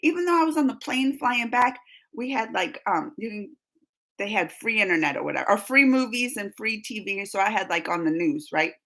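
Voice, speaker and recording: A woman's voice: mid-range voice, lively intonation, a little fast, a bit bright, poor audio. A woman hosting a live stream, chatting casually and emotionally while reading viewer comments, laughing often.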